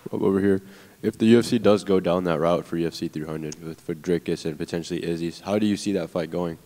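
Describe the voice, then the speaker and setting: Fast-talking reporter with a very deep voice. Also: male voice, fairly even intonation, mellow. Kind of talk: press questions. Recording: reverberant media room.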